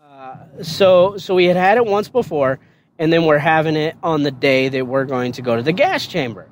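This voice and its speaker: A man telling basic training stories in a casual, profane and animated way on a podcast. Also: a little high, normal speed, slight background noise. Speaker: podcast guest storyteller. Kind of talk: casual storytelling.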